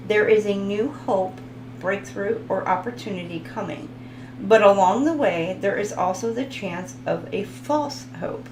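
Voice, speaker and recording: A woman's voice: mid-range voice, roomy sound, a little hiss or hum, low-quality recording. A woman giving a casual tarot reading, rambling, giggling and reading card text aloud. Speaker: tarot reader.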